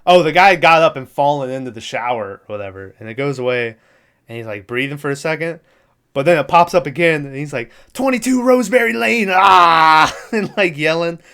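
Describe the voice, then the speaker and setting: Podcast co-host, male, smooth clear voice, rambling casual movie recap with frequent laughs. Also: mid-range voice, lively intonation, a little fast, fairly bright tone. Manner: rambling, laughs often, acts out quotes.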